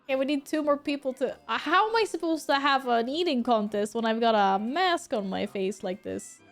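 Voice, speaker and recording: Chatty streamer woman with a bright voice. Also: high-pitched, expressive, normal speed, soft background music. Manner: chatty, laughs often, swears. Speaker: game streamer. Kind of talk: casual gameplay commentary.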